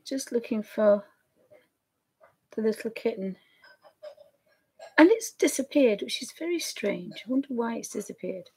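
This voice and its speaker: A woman's voice: fairly high pitch, expressive, measured pace, vocal fry, long pauses, warm tone, breathy edge. A woman with a Yorkshire accent chatting casually to camera as a craft vlogger, rambling and trailing off mid-sentence.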